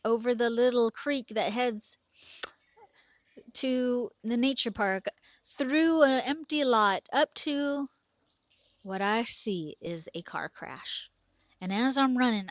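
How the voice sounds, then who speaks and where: A woman's voice: a little high, slow pace, dry recording. Earnest woman telling a true story. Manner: vivid present-tense telling, earnest. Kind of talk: personal story told to camera.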